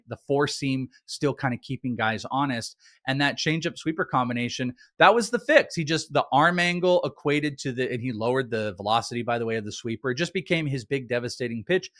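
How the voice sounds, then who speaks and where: A man co-hosting a fantasy baseball chat, reeling off stats in a quick, animated way. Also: medium pitch, no room sound, clean studio sound. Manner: stat-heavy, quick and animated. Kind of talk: casual analytical chat.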